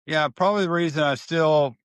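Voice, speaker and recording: A man's voice: fairly high pitch, brisk, smooth, no echo. Older man telling a story, dry close sound. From Dallas area, Texas. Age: 60s. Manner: animated storyteller acting out quoted dialogue. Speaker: guest, marathon runner and physician. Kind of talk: storytelling in a podcast interview.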